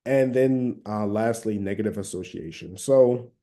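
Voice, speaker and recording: A man from Georgia with a Southern accent talks through advice in a loose, conversational way. His voice is very dark and mellow and sits a little low in pitch. He speaks casually, with plenty of fillers. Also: measured pace. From Atlanta, Georgia. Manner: conversational, frequent fillers and hedges. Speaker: speaker giving recovery advice.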